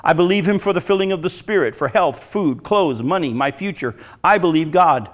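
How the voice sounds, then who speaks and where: A man's voice: a little high, lively intonation, normal speed. Earnest, emphatic male preacher. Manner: earnest, emphatic, reads devotional text aloud. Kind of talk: sermon.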